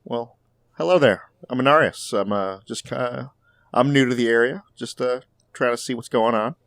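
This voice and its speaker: A man's voice: medium pitch, moderate pace, a bit bright, dry recording, clean studio sound, lightly acted. A man playing a friendly new tavern owner in an easygoing, earnest way. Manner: easygoing, earnest, hesitant fillers.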